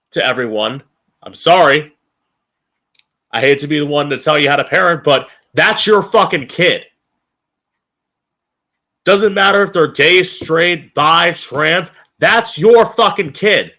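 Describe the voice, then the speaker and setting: A man's voice: on the high side, pushed and bright. A young man hosting a live-streamed opinion show, ranting angrily with a lot of profanity and emphasis. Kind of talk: opinionated rant.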